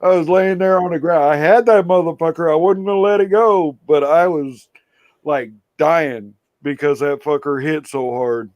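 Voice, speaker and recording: Male co-host, blunt profane anecdote teller with a slightly raised pitch; dry recording. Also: normal speed, a little mellow, no room sound, dull audio. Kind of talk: casual chat.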